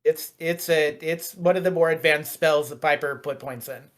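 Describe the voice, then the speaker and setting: Low-pitched woman running a tabletop game. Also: steady tone, normal speed. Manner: playful, chatty, many fillers. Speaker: game master.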